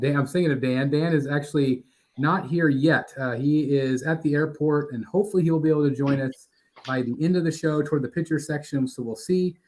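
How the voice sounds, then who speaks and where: A man's voice: medium pitch, a little mellow. A man hosting a live collectors' show, upbeat and welcoming, a little scattered and out of breath. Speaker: host.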